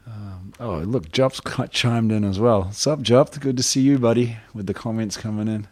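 A man from New Zealand hosting a radio show, chatting in a relaxed, rambling way between records. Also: on the low side, normal speed.

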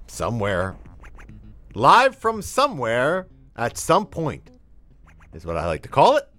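A man's voice: lowish voice, a bit bright. A man hosting a radio show in a studio, chatting in a playful, meandering way and talking to his dog between songs. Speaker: radio host. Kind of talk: rambling late-night radio chat. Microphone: studio mic set too far off, with echo effect.

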